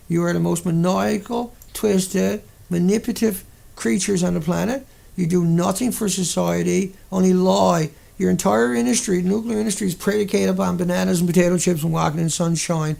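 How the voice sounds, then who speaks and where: A man's voice: high-pitched, steady tone, brisk, creaky, darkish tone. A man delivering an indignant, profane, sarcastic monologue rant on his own channel. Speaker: vlogger.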